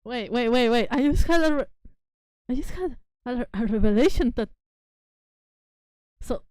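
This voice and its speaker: With a fairly high voice and an unhurried delivery, a native Spanish speaker chats on her live VTuber stream from home. She's giggly and excitable and apologizes a lot. No room sound is audible.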